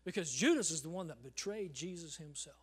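A man preaching a sermon in a church service, swinging from loud calls to hushed near-whispers and calling "Amen?" to the congregation. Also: fairly high pitch, animated, brisk, slightly rough. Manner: acts out congregants in quoted voices, asks the crowd "Amen?".

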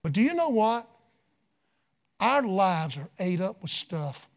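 A middle-aged man preaching a revival sermon full of stories, folksy and rising from quiet asides to loud shouted peaks. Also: high voice, big pitch swings, slow pace.

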